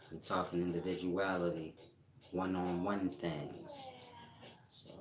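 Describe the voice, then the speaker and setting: Low-voiced boastful man lecturing in an echoey room. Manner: boastful, lecturing, slangy, laughs between points. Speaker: spiritual teacher. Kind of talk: casual monologue to viewers. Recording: echoey room with faint ambience.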